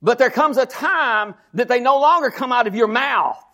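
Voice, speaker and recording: A middle-aged man preaches from the pulpit with a notably high-pitched voice. He talks in a lively, folksy way, repeating phrases and working in humor. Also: normal speed. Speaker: pastor. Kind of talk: sermon.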